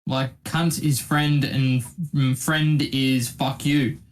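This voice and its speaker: A man's voice: medium pitch, steady tone, takes it slowly. An Australian man co-hosting a podcast, laid-back and blunt in casual chat. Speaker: podcast co-host.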